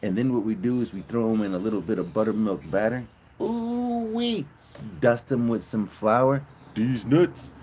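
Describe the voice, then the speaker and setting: A man's voice: on the low side, moderate pace, few pauses, a little mellow, slight background noise. A man hosting a live stream outdoors on a farm, chatting casually with viewers and telling crude, joking, rambling stories. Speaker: livestream host. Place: outdoors on a farm with cows nearby.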